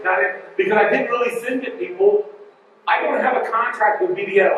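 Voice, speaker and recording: A man with a high voice gives a conference talk in a jokey, animated way. He sounds far from the mic, and his voice rings through a large, very echoey hall. A faint room ambience hums behind him. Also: slight background noise. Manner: joking, animated, digressive. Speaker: conference speaker.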